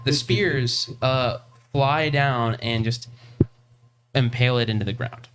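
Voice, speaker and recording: A man's voice: mid-range voice, background noise. Hesitant male game master. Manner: halting, hesitant, thinks aloud. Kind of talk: running a tabletop game online.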